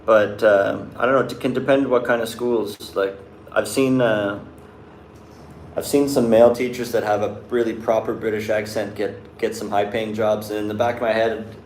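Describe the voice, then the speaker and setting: A man's voice: fairly low pitch, fairly even intonation, moderate pace, darkish tone, roomy sound, a little hiss or hum. A young man casually chatting and answering viewer questions, rambling with lots of "like" and restarts. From Canada. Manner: rambling, loose, many likes and restarts. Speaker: vlogger answering live chat. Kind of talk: casual chat.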